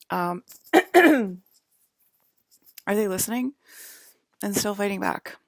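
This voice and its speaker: A woman's voice: medium pitch, lively intonation, extremely slow. A woman vlogger talking alone in a rambling, sarcastic way, filling her speech with "like". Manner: sarcastic, heavy use of "like". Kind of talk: rambling solo vlog monologue.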